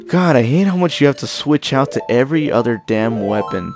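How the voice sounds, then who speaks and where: Profane, excitable young gamer man. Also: mid-range voice, fairly quick, hardly any pauses. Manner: profane, excitable running commentary with sudden exclamations. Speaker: let's play gamer. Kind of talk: casual gameplay commentary. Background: game music.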